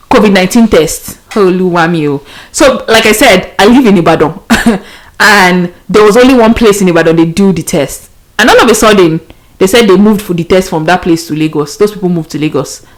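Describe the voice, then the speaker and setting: Young woman, Nigerian accent, podcast host, animated storytelling, laughs a lot, pidgin asides. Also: medium pitch, moderate pace.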